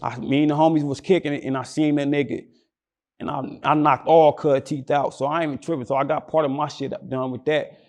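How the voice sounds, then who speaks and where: A man's voice: on the high side, fairly even intonation, a little fast. A young man telling his own story as an interview guest, slangy and rambling, often repeating words.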